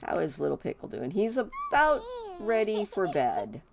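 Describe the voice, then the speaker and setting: A woman's voice: mid-range voice, wildly swooping pitch, normal speed, creaky, crowd noise. A woman giving casual, playful gameplay commentary, chatty and gushing over the babies in her game.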